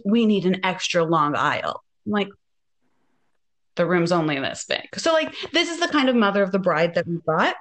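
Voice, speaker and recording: A woman in her thirties hosting a podcast, casually telling a story and acting out the quoted dialogue. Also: mid-range voice. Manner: animated, acts out quoted dialogue. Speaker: podcast host.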